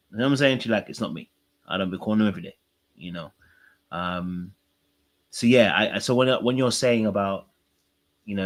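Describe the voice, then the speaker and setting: A man's voice: low voice, fairly bright tone. A man hosting a podcast and working as a coach, sharing his own feelings openly and earnestly with lots of fillers. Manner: earnest, open, emotional sharing with many fillers. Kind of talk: podcast interview.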